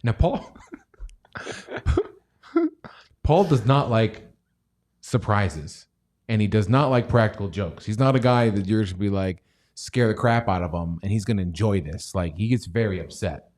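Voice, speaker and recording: A man's voice: lowish voice, animated, a little slow, pauses often, a little mellow. A man hosting a casual stock livestream, rambling and joking, sometimes dropping to near-whispers. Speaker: stock show host; chemist.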